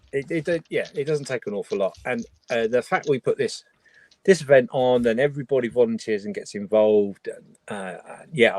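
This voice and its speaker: A man's voice: mid-range voice, darkish tone, no room sound. A man hosting a charity livestream, talking earnestly in a rambling way with many restarts. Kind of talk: casual livestream chat.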